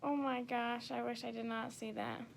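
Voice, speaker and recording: A woman's voice: on the high side, fairly even intonation, moderate pace, gravelly, a little hiss or hum. A sick, weak woman vlogger talking from a hospital room in a tired, subdued way, filmed on a phone someone else holds. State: ill and weak. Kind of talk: casual vlog. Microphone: phone held by another person.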